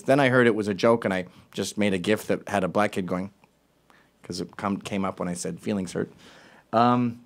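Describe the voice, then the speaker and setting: A man hosting a talk show, commenting casually and sarcastically on tweets and clips. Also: mid-range voice. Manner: animated, sarcastic asides. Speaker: show host.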